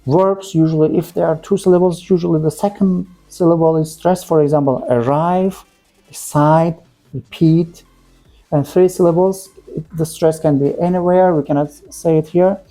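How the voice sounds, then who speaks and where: A man teaching English pronunciation, saying example words slowly and repeating them, with short, plain corrections. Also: fairly high pitch, fairly even intonation, mellow, faint music behind. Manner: simple, direct phrasing with plain corrections. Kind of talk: pronunciation lesson.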